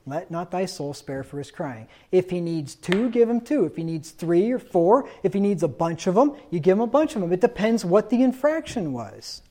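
A man's voice: high-pitched, very animated, moderate pace, few pauses, dark tone. A man preaching a sermon in a stern, insistent tone, reading scripture aloud and asking rhetorical questions.

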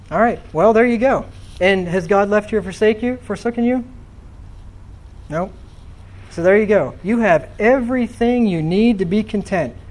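A pastor delivers a sermon in a church with a high-pitched voice for a man. He reads scripture aloud and keeps turning to the congregation with easy, conversational questions. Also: darkish tone.

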